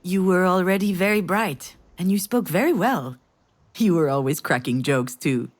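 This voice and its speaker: A woman's voice: on the low side, moderate pace, close to an everyday voice. An actress playing a mother who tells her grown daughter a family memory in a tender storytelling voice. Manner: tender storytelling, rising with emotion.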